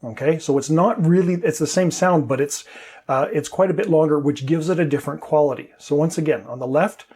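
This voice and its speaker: A man's voice: a little high, a little fast, a little mellow, slightly rough. A man teaching English pronunciation, explaining patiently step by step and demonstrating sounds.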